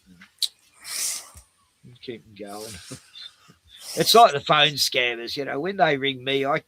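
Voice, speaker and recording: A man's voice: medium pitch, animated, takes it slowly, sharp tone, a little hiss or hum. A man hosting a livestream, telling crude, rambling stories and chuckling often. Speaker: livestream host. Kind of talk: casual chat.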